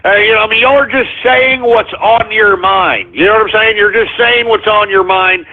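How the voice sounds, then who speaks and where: A man's voice: sits high, moderate pace. A man hosting a call-in radio show, rambling with many fillers and restarts. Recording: tinny phone-like radio sound.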